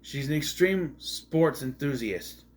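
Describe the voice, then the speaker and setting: A man's voice: a little high, lively intonation, slow pace. Rambling sarcastic man reviewing a movie. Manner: rambling, sarcastic, with frequent asides and restarts. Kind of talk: casual spoken movie review.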